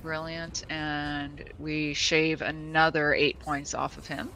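A player with a very bright, sharp-edged tone speaks slowly and deliberately while calling out rolls and damage. Their asides come across as dry and wry. A faint hiss sits behind the voice. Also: mid-range voice, flat delivery, rough recording. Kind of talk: casual tabletop play.

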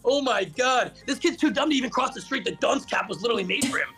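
A man roasting someone in loud, insulting, mocking banter. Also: very high voice, animated, fast talker, faint music behind. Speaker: contestant. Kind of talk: comedic roast.

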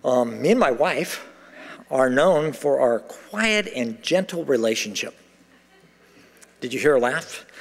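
A middle-aged man preaching a sermon as pastor, telling a story animatedly and acting out the dialogue. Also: fairly high pitch. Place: large church sanctuary. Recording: long hall reverb.

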